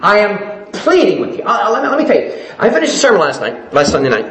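Pleading preacher in an echoey room. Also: male voice, sits high, wildly swooping pitch, fast talker, fairly bright tone. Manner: pleading, emphatic, repeats phrases for stress. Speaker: pastor. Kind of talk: sermon.

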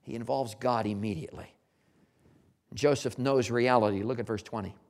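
A preacher delivering an expository sermon, swinging between loud emphatic bursts and hushed low asides, often repeating words and restarting phrases. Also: fairly even intonation, normal speed.

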